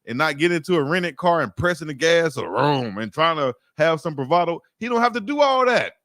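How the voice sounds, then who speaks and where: A man's voice: a little high, sing-song, fairly quick, a bit bright, no room sound, studio quality. A man hosting a heated sports debate, pressing his point in slangy talk and calling his co-host "dog". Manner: insistent, slangy, repeats "dog".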